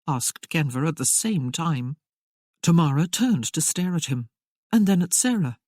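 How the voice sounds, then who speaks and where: Brief: a woman narrating a romance audiobook, slow and animated delivery, dry booth sound. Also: deep voice, no room sound. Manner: unhurried, expressive storytelling. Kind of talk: scripted narration.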